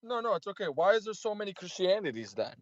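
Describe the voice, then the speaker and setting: A man calling into a debate, answering haltingly and searching for his words. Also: high voice, sing-song, no echo, lo-fi sound. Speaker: caller. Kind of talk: debate call.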